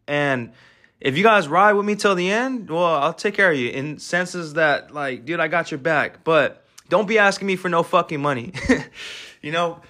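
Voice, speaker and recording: A man's voice: on the high side, moderate pace, bright, forceful tone. A man in his twenties hosting a podcast, talking in a brash, profane, hyped-up monologue full of fillers. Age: 20s. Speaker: podcast host. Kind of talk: casual motivational monologue.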